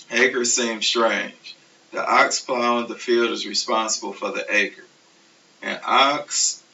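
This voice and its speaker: A man teaching a recorded math lecture, explaining steps slowly and methodically. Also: lowish voice, creaky. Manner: steady, methodical explaining, self-correcting. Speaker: math instructor. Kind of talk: recorded lecture over slides. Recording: distant, dull, hissy classroom recording.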